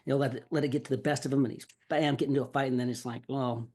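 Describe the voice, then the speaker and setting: A man's voice: medium pitch, fairly even intonation, rapid-fire, a little mellow. A man hosting a podcast, talking casually and rambling, with lots of filler words and swearing. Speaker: podcast host. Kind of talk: casual song breakdown.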